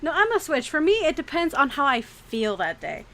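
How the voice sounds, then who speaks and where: Frank, high-voiced woman streamer. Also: sing-song, a little fast, fairly bright tone. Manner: frank, laughing, swears freely. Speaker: streaming artist. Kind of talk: casual chat during a drawing stream.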